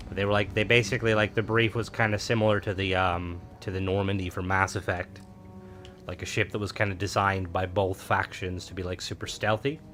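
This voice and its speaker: A man's voice: lowish voice, a bit bright, slight background noise. A man streaming a video game, chatting casually with lots of fillers and restarts. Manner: rambling, filler-heavy, upbeat. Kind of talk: casual gameplay commentary.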